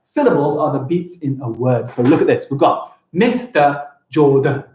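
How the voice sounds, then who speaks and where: A man's voice: medium pitch, darkish tone. Upbeat English male teacher, echoey room. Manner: upbeat and encouraging, sounds out words slowly. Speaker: primary school teacher. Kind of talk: live-streamed online lesson.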